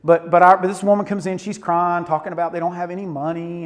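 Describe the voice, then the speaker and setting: A man in his forties preaches to students with a high-pitched voice and animated storytelling. His sermon rings with the long reverb of a church hall. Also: quick pace, few pauses. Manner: animated storytelling with Southern "y'all". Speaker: youth pastor. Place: church auditorium.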